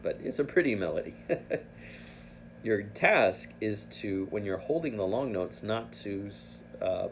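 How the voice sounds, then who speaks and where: Male flute teacher, low and gravelly, patient, self-correcting, faint hiss behind. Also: darkish tone. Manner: patient, thinking aloud with restarts. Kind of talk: instructional explanation.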